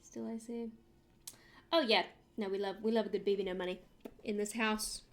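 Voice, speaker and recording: This livestreamer is a young Australian woman with an Australian accent and a medium-pitched, fairly even voice at normal speed. She streams herself drawing, chatting casually, rambling and answering her chat.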